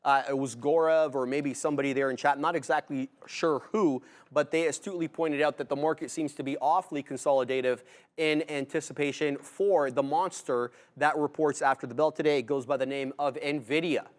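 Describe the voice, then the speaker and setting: A man's voice: a little high, fairly even intonation, fairly quick. A man co-hosting a live trading stream, talking casually and slangy as he thinks aloud about his trades. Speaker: day trader co-host.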